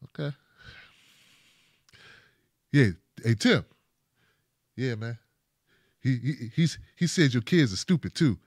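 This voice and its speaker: A man voicing a gossiping fake male friend who talks in a low, conspiratorial, slangy way. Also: animated, slow, pauses often, no echo, clean studio sound.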